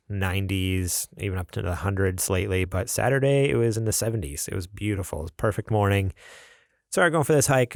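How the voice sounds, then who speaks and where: Young male podcast co-host, gravelly, rambling storyteller, dry close sound. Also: low voice, no room sound. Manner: rambling, laughs often. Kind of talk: casual chat, storytelling.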